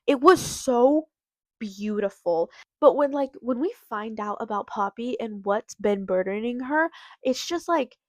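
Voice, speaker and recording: A woman's voice: a little high, expressive, unhurried, darkish tone, dry recording. A woman giving a casual book review, gushing and rambling, often cutting herself off mid-sentence. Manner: gushing, rambling, self-interrupting.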